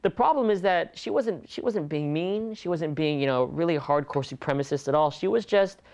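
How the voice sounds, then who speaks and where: A man from California in a relaxed interview, talking earnestly and in an animated way, laughing easily between points. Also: on the high side, normal speed, vocal fry. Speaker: interview guest, stage performer. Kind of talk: conversational interview.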